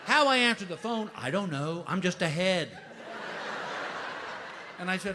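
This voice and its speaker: A man's voice: high voice, lively intonation, moderate pace, long pauses, background noise. A man, telling a frantic, self-mocking stand-up story on stage. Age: 50s. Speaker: stand-up comedian. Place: theater stage. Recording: live stage mic in a reverberant hall.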